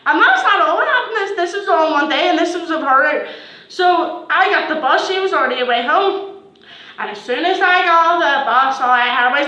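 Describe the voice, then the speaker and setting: A woman's voice: high voice, brisk. A teenage girl telling a storytime vlog, swearing a lot and acting out what people said. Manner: animated, swearing, acting out quotes in bursts. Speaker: vlogger. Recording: echoey room.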